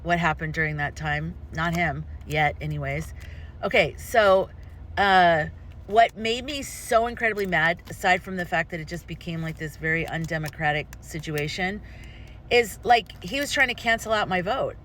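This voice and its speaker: Speaking at a normal speed, this woman from the United States has a fairly low, fairly bright voice, with a little hiss or hum audible. In her opinion vlog she sounds impassioned, rambling on and often starting sentences over.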